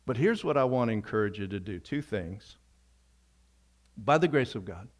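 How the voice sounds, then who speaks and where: A man's voice: mid-range voice, lively intonation. Earnest male pastor preaching. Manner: earnest, repeats phrases for emphasis; softens to a quiet, slow prayer. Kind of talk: sermon closing in prayer.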